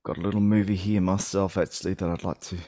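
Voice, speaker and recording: A man's voice: low-pitched, little pitch movement, fast, warm tone, no echo, studio quality. A man hosting a podcast, chatty and laughing often as he talks over films. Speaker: podcast host. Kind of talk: casual chat.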